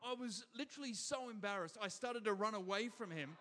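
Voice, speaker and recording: A man with an Australian accent preaching a sermon to a church congregation, energetic and calling out to the crowd. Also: extremely high pitch, fast, few pauses. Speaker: pastor. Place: church hall before a congregation.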